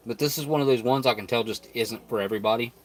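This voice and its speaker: A man in the middle of his range talks easily to a live audience while he opens wrappers and tries food. He muses out loud in a relaxed, unhurried way, sometimes mid-chew. Faint room noise sits under his voice. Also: mid-range voice. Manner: relaxed, thinks aloud, talks with mouth full. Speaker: channel host reviewing rations. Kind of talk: casual live-stream chat while tasting food.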